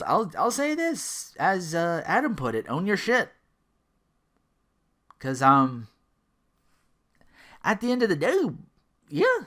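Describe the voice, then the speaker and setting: A man hosting his own podcast, talking alone in a loose, rambling style. His pitch is lively and bounces up and down a lot. He keeps tripping over his words and running himself down. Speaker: podcast host. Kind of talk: casual solo podcast monologue.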